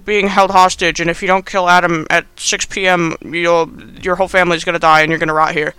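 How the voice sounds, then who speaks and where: A man's voice: sits high, little pitch movement, fairly quick, bright, forceful tone, clear, resonant tone, no room sound, low-quality recording. A man voicing a male captor speaking from a tape recording, taunting and mocking.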